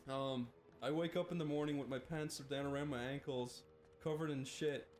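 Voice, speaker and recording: A man's voice: medium pitch, fairly even intonation, normal speed, faint music behind. A man with an Irish accent telling a rambling, laughing anecdote full of fillers. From Ireland.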